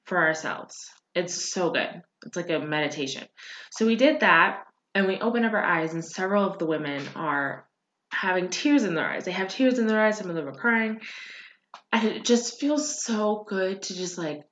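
A woman's voice: fairly low pitch, lively intonation, normal speed, fairly bright tone. A woman hosting a podcast, talking casually and earnestly to listeners, reassuring them and often checking in with "right?". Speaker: podcast host and coach. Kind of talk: casual motivational talk. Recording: roomy, dull lo-fi sound.

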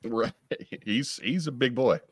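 A man co-hosting a casual livestream, reading out viewer comments with halting restarts. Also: mid-range voice, breathy edge, no echo, studio quality. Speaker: podcast co-host.

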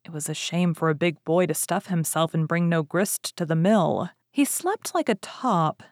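A woman narrates a classic fairy tale in an expressive storybook voice. She leans on exciting words with bright upward lifts. Her voice sits low and sounds dry and close to the mic. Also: moderate pace, dry recording. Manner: expressive reading with lively rises. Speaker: story reader.

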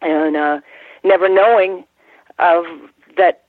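An older woman, a guest in an interview, telling stories in a rambling, halting way with frequent restarts and laughs. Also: on the low side, fairly even intonation, dry recording. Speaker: guest, former ring announcer. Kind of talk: casual interview storytelling. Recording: tinny phone line.

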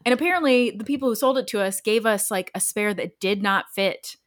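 A woman chatting casually, spinning a story with constant filler words and quick self-mocking laughs. Her voice sits at an ordinary middle pitch for a woman, and the delivery is loose and conversational. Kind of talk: casual chat.

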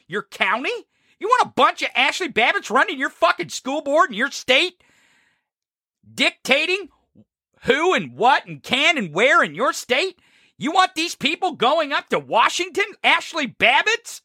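A man's voice: extremely high pitch, pushed and bright, no echo, clean studio sound. A man hosting a political talk show, delivering a fiery, profane, combative rant. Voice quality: heavy swearing, fiery and combative.

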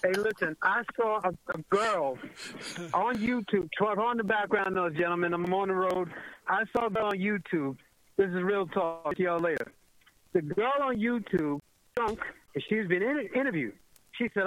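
A man with a high voice co-hosts a comedy radio show while calling in from the road. He tells stories with animated emphasis and repeats his punchlines over an uneven remote line. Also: normal speed, rough recording. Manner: animated storytelling, repeats phrases. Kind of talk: casual comedic radio chat.

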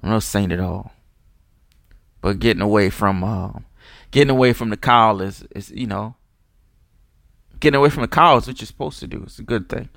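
Rambling New man, low dry voice. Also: normal speed, gravelly, pauses often, a bit bright, no echo. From New Orleans. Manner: loose, profane, digressive, many restarts and fillers. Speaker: podcast host. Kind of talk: casual rambling monologue.

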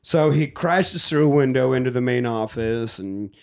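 A man's voice: medium pitch, moderate pace, vocal fry. Guy on a movie podcast retelling scenes, doing the characters, swears a lot. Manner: animated retelling with acted-out lines, swearing. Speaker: podcast host. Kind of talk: casual movie recap chat.

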